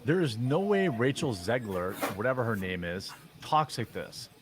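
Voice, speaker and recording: A man's voice: medium pitch, big pitch swings, normal speed, background noise. A man giving opinionated commentary on video clips in a sarcastic, mocking, rambling way with many fillers. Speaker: commentary vlogger.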